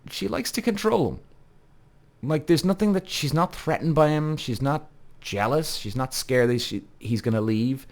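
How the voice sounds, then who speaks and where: A podcast host in his thirties, medium-pitched, tells a story in a loose, conversational solo monologue. He's blunt, swears freely, and keeps speaking directly to his listeners in asides.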